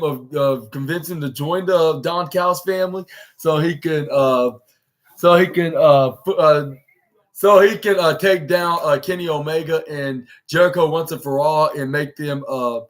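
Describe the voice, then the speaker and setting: A man hosting a podcast, rambling through a casual recap of a show scene by scene and acting out bits of what each person said. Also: fairly high pitch. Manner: rambling retelling of scenes with acted-out quotes. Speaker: podcast host.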